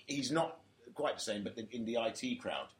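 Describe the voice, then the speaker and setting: A man's voice: medium pitch, animated, moderate pace, reverberant. A man chatting as a guest, rambling and searching for words. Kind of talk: casual chat.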